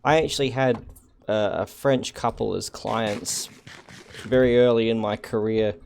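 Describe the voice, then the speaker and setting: Gravelly, slow, dry-humored man streamer. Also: mid-range voice, a little mellow, a little hiss or hum. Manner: dry, wry and self-deprecating, halting restarts. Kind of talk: casual live-stream chat while gaming.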